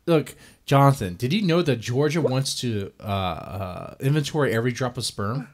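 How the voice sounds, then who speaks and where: A male host on a live stream, talking in loose, rambling bursts and laughing often. His pitch bounces around a lot as he jokes. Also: expressive, normal speed. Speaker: podcast host. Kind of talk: casual chat on a live stream.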